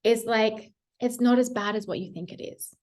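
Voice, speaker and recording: A woman's voice: fairly high pitch, normal speed, a little mellow. A young adult woman giving a casual tarot reading, chatty and encouraging, laughing often and talking with many fillers. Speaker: tarot reader.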